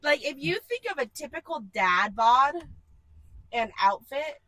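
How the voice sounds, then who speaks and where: A woman's voice: high voice, expressive, measured pace, pushed and bright, no room sound, rough recording. A woman co-hosting a podcast in casual, playful banter, teasing her co-host. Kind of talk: casual chat.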